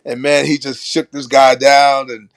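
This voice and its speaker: An older man from Brooklyn, a former basketball player and coach, tells stories in a relaxed interview. He acts out the voices of the people in his stories and laughs often. His voice sits at an ordinary middle pitch and sounds close and dry, with no room echo. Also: a little slow. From Brooklyn, New York. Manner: animated storyteller who acts out quoted lines and laughs often. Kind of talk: casual interview storytelling.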